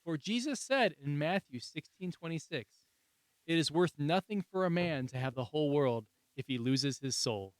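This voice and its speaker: Guy with a smooth slightly high voice reading cheesy puns, dry mic. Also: normal speed, no room sound, low-quality recording. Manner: deadpan setup of short puns. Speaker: podcast co-host. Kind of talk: casual chat, reading jokes.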